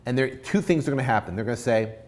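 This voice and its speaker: A man's voice: mid-range voice, fast talker. A man giving informal coaching on real estate deals, acting out both sides of a negotiation. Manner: animated, acts out both sides of a deal.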